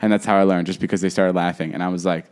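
A man's voice: low-pitched, level tone, rapid-fire, a little mellow, clean tone. A man co-hosting a podcast in casual chat, telling rambling stories full of swearing and laughter. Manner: profane, rambling storyteller who laughs often. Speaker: podcast co-host.

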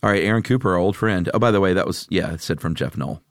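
A man's voice: low-pitched, fast talker, dry recording, clean studio sound. A man co-hosting a casual podcast chat, playful and reading jokes aloud with mock drama. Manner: playful, animated, reads quips with mock drama. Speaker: podcast co-host.

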